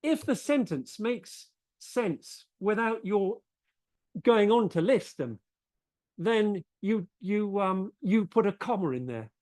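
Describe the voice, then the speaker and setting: Woman teacher going over english mistakes, slow and halting, lots of restarts, dry close sound. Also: mid-range voice, expressive, a little mellow, dry recording. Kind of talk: spoken feedback on English usage.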